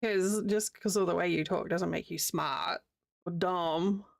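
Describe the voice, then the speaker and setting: A woman's voice: fairly low pitch, a little slow, gravelly, dry recording. Kiwi woman streaming, rambly chat w her viewers while crocheting, pretty dry close sound. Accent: New Zealand. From New Zealand. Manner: chatty, rambling, answers chat as she goes.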